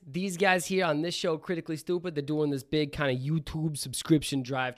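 A man's voice: medium pitch, a bit bright, close to an everyday voice. A man voicing a brash, crude New York trash driver with a put-on New York accent that drifts toward Australian, rambling through an ad read. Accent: put-on New York with a bit of Australian.

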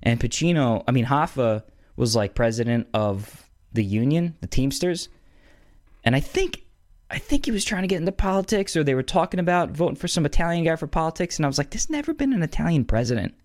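Animated rambling man chatting. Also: fairly high pitch, a little fast. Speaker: movie reviewer. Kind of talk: casual chat.

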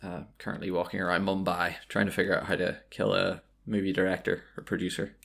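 A man's voice: low voice, little pitch movement, quick pace, creaky, fairly bright tone. A man in casual podcast chat about video games, rambling with many fillers and restarts.

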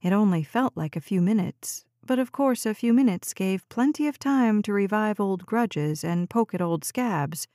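A woman reading a novel aloud as an audiobook narrator, in calm and measured scripted narration. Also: mid-range voice, no echo, studio quality.

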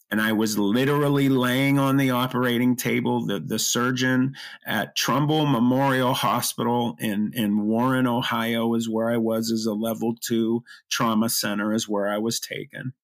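Man, middle-aged, interview guest, emotional storytelling, raspy creaky voice, mid pitch. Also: steady tone. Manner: earnest, emotional, halting restarts. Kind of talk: personal storytelling.

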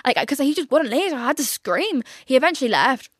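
A woman's voice: sits high, very animated, brisk, fairly bright tone, dry recording, clean studio sound. A young woman hosting a podcast, telling a personal story in candid casual chat, swearing freely and acting out what people said. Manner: chatty, swears freely, acts out quoted dialogue. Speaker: podcast host.

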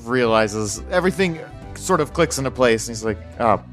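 Male player, medium pitch, indignant in-character delivery, faint music. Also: animated, normal speed, fairly bright tone. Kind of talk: tabletop role-play.

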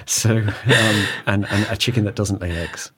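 A man's voice: lowish voice, steady tone, unhurried, fairly bright tone, slight background noise. A man hosting a studio podcast in casual chat, jokey and rambling, often restarting sentences. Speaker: podcast host.

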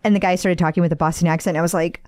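Upbeat chatty woman, lowish voice. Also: steady tone, racing, darkish tone, no echo, studio quality. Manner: chatty, upbeat, laughs often. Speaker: podcast co-host. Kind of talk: casual chat.

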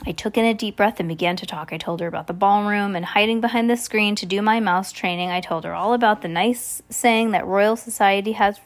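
A woman's voice: medium pitch, a little fast, hardly any pauses. A woman reading a children's book aloud casually, often restarting and correcting herself. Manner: reads with frequent restarts and corrections. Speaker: reader.

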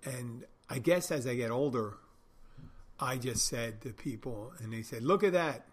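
A middle-aged man spins loose, wandering stories in a husky voice, stopping to correct himself often. His pitch sits in an ordinary middle range, and his tone stays wry and casual throughout. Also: steady tone, a little slow. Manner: rambling, self-correcting, wry. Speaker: podcast host, bartender. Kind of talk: casual monologue storytelling.

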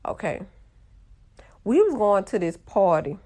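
A young woman, telling a funny story to her viewers in a lively, casual way. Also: medium pitch, measured pace. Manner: animated, drawling, addresses audience as y'all.

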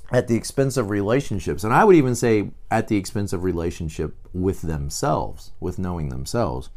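A man's voice: sits low, normal speed. A man teaching in a conversational, digressive way, with frequent asides and fillers. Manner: animated, digressive, many fillers.

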